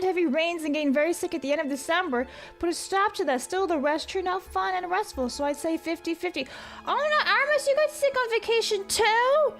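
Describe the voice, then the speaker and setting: A woman live-streaming a game, rambling through stories and reading donations in a casual, swearing, animated way. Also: extremely high pitch. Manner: rambling, swears freely, laughs at her own stories.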